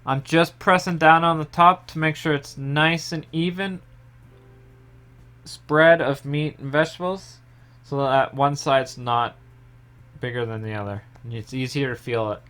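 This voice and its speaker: A young man talks through a pie recipe in his home kitchen, his voice smooth and resonant and sitting a little high for a man. His explaining is relaxed and step-by-step, often trailing off softly at the ends of phrases. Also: measured pace. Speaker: home baker. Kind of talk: casual cooking tutorial.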